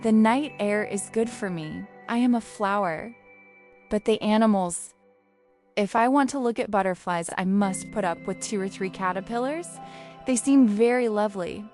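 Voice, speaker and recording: A woman's voice: mid-range voice, moderate pace, darkish tone, faint music behind, natural voice. A woman voicing a proud, stubborn female flower who hides her sadness behind a haughty, tender manner.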